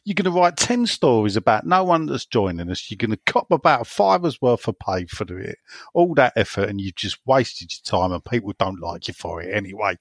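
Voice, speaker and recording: A man's voice: lowish voice, lively intonation, fairly quick, no echo. A man co-hosting a casual football podcast, blunt and mocking in his jokes. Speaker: podcast co-host.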